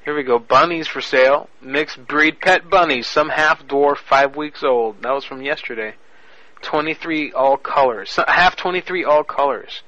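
A man hosting a radio prank-call show, talking in loud, crude, laughing banter. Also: on the high side, normal speed, dry recording, muffled recording.

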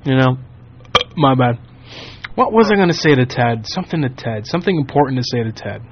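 A man's voice: medium pitch, animated, a little fast, husky. A man hosting a casual radio show, rambling, joking and mimicking callers. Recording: muffled radio sound with faint music.

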